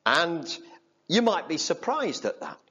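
A man preaching and reading scripture, his husky voice rising and falling a lot as he talks. He keeps it conversational and repeats key lines for emphasis. The recording sounds dull and lo-fi. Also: on the high side, sing-song, a little slow, pushed and bright.

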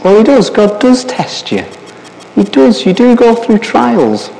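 A man preaching in a church hall, his voice sitting a little high and swinging widely in pitch. He speaks slowly and keeps turning to his listeners with questions. Long reverb trails every phrase. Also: big pitch swings, creaky, mellow. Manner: asks the listeners many searching questions. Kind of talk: sermon.

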